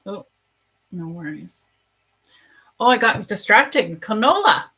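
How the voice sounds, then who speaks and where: A woman's voice: mid-range voice, very animated, slow, bright, forceful tone, breathy edge, poor audio. A woman working as a psychic medium and spiritual coach, giving live readings to viewers in an effusive, emotional, rambling way.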